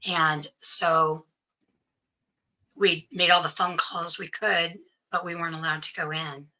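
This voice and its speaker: On an interview, a woman guest tells a personal story in earnest, quoting what others said to her. Her voice sits on the low side with a level, sharp tone, and she speaks slowly. The audio is poor.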